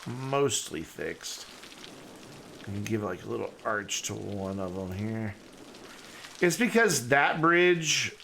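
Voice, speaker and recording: Here a man's creaky, low-leaning voice carries a fairly bright tone, with a little hiss or hum behind it. He offers casual live commentary on a city-building game, musing aloud as his sentences meander and fade out.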